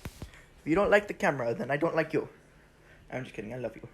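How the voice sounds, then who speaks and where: A young man chats to his cat in a casual home vlog, his pitch leaping from squeaky coaxing to mutters. His voice is lively and full of swings. Faint room noise sits behind the recording. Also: fast talker, pauses often. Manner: swings between high baby-talk cooing at the cat and low grumbling asides. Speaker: vlogger filming his cat.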